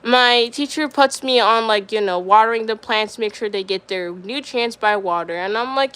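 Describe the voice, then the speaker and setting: A woman's voice: fairly high pitch, moderate pace, hardly any pauses, fairly bright tone, clear, resonant tone. A young woman streamer telling a story in casual chat, rambling with lots of fillers and getting riled up.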